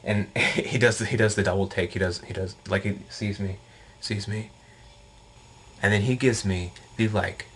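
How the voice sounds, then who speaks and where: A young man video blogger telling a story casually, rambling and animated, with lots of fillers. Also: fairly low pitch, a little slow, a little hiss or hum.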